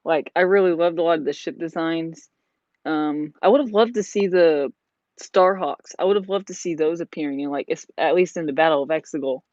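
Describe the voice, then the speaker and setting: A vlogger talks through a build in a loose, rambling way, full of "like" and "you know." The voice sits at a middling pitch. The sound is dull and lo-fi. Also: fairly quick, a little mellow, no echo. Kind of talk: casual chat while building.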